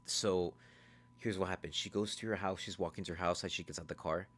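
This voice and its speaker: A man giving a casual, rambling, profane recap of a movie, telling the story fast. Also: deep voice, fairly even intonation, fairly bright tone, a little hiss or hum. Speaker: movie reviewer.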